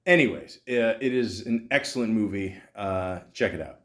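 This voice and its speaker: A man's voice: on the low side, normal speed, fairly bright tone. A man from New Jersey hosting a podcast, reviewing movies in a loose, rambling, profane way with many fillers. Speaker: podcast host. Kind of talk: casual movie review monologue.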